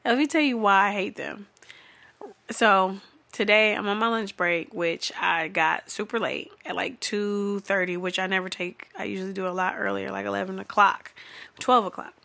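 Young woman ranting and cussing, bright sharp voice, drops to whispers then yells. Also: medium pitch, steady tone, normal speed, vocal fry. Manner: profane, exasperated, swings from hushed asides to loud outbursts; breaks into laughter while talking. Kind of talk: comedic storytime rant.

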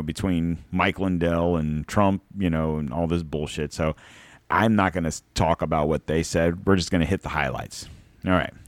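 Male host, deep voice, dry recording; sarcastic off-the-cuff commentary with plenty of cursing. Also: no echo. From Florida. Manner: sarcastic, rambling, swears freely. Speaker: podcast host. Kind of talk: casual rambling commentary.

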